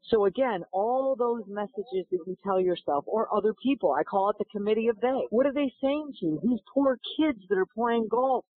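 A woman's voice: a little high, moderate pace, few pauses, husky, no echo. A middle-aged woman tells her story with energy and plays out each voice in the exchange. Her voice comes through a thin, phone-like line. The sound is close and dry. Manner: animated, acts out dialogue in her stories. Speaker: golf instructor and guest. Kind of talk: storytelling in a podcast interview.

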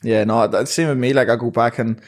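A man in his twenties with a Northern Irish accent, answering interview questions in a relaxed, rambling way with many fillers. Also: medium pitch, brisk. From Northern Ireland. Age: 20s. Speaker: professional boxer, guest.

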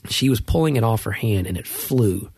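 A man's voice: on the low side, lively intonation, normal speed, creaky, a little mellow, slightly rough. A middle-aged man chatting casually as a podcast co-host, rambling through stories with many restarts. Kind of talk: casual chat.

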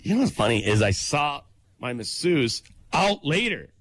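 A man's voice: on the high side, moderate pace, dry recording. A man casually telling a funny story on a podcast, laughing as he goes. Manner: animated storyteller, laughs through his story. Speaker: podcast co-host.

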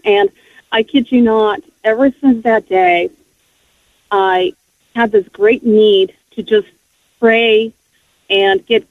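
A woman's voice: fairly high pitch, lively intonation, takes it slowly, long pauses, dry recording. A woman giving a heartfelt personal faith testimony as a guest, talking earnestly with frequent restarts. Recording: tinny phone-line audio, dry.

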